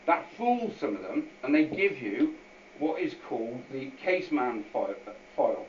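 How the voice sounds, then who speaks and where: A man's voice: medium pitch, big pitch swings, normal speed. A man giving an informal, unscripted talk to a public meeting as a guest speaker. He rambles, repeats himself and adds many asides. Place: meeting hall with an audience. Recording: echoey, distant, dull hall recording with faint hiss.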